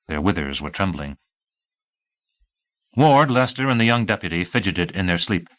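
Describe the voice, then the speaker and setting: A man narrating a novel in a steady, measured reading. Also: low voice, no echo. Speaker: audiobook narrator. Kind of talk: scripted narration.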